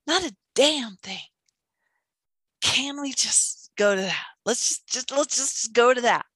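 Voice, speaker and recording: A woman's voice: fairly high pitch, takes it slowly, husky, dry recording. A woman in casual conversation, telling stories animatedly and acting out quotes. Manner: animated, storytelling with acted-out quotes. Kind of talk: casual chat.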